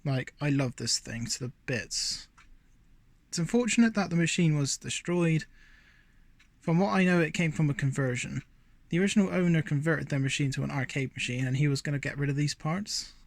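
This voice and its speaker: A man with a fairly high voice chats through a show-and-tell of his collection, rambling from item to item with plenty of asides. He films on a phone held in his hand, indoors at home. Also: moderate pace, creaky, dry recording. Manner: chatty and rambling, many fillers and asides. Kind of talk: casual show-and-tell vlog. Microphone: handheld phone.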